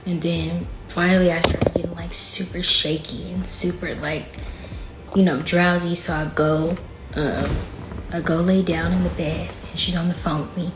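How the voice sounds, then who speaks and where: A woman's low voice, with little pitch movement and a moderate pace, comes through a noisy background. Guesting on a podcast, she shares a painful story candidly and casually, peppered with "like." She gets emotional and at times is close to tears, and the room echoes with faint music behind her.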